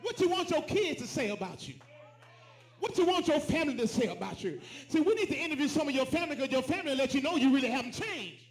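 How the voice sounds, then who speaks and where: High-voiced man preaching in an echoey church. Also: very animated, fast talker. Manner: preaching with call and response, shouting at peaks. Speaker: pastor. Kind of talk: sermon. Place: church sanctuary.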